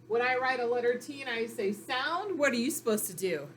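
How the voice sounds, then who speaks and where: A woman teaching young children phonics in a recorded lesson, speaking slowly and clearly in an encouraging way. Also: on the high side, lively intonation, fairly bright tone, a little hiss or hum.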